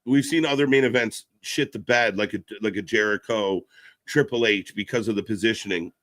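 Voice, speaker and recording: A man giving casual live commentary, reacting excitedly and chatting to viewers. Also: fairly quick. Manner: excitable, pitch jumps when reacting, chatty asides to viewers.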